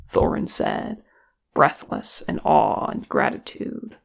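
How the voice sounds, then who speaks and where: A reader narrating a chapter of fan fiction in an unhurried, even way. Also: medium pitch, creaky. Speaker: audiobook reader.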